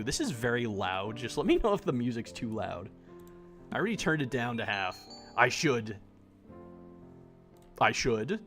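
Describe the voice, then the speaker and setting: A man's voice: medium pitch, sing-song, measured pace, pauses often, music in the background. A man streaming a dating sim live, making blunt, joking asides and swearing casually. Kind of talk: live-streamed game commentary.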